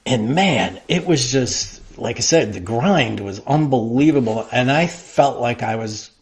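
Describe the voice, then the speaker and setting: Middle-aged guy rambling thru an old work story, lots of ums and you-knows, average pitch. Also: a little slow. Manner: rambling, animated anecdote telling with many fillers. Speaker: interview guest, wrestling creative. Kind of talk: casual storytelling interview.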